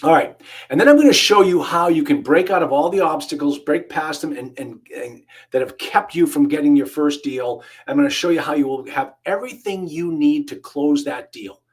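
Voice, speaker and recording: A middle-aged man hosting a live webinar as an investing coach, pitching energetically with frequent fillers and restarts. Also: moderate pace, slightly rough. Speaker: webinar host, real estate investing coach.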